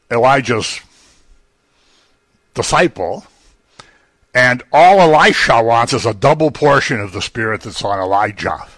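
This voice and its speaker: A man's voice: medium pitch, fairly bright tone, dry recording. A man preaching a sermon in a conversational teaching manner, rising emphatically on key phrases. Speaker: pastor.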